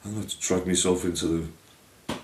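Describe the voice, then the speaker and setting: A man's voice: deep voice, fairly even intonation, fairly quick, lightly acted. A man voicing an injured lighthouse keeper, flustered and worried, repeating himself. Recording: echoey room, distant mic.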